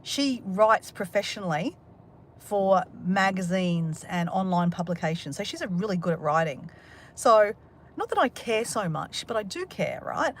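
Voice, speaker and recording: A woman's voice: medium pitch, expressive, moderate pace, slight background noise. An Australian woman chatting casually on a livestream, rambling and joking with a sarcastic, self-mocking humour as she reads out viewer comments. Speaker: livestream host. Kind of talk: casual live chat reading comments.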